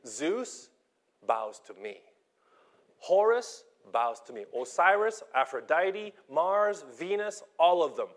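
A man preaching slowly and deliberately, his voice sitting a little higher than most men's. He pushes hard on key phrases, then drops to a soft whisper for effect. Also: sing-song. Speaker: pastor. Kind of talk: sermon.

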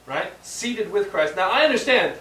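Man, preacher, sermon, halting, repetitive, emphatic, echoey room, faint hum. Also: high voice, expressive, pushed and bright. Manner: halting, repeats words, rises to emphatic peaks. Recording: roomy sound from a distant mic with faint background hum.

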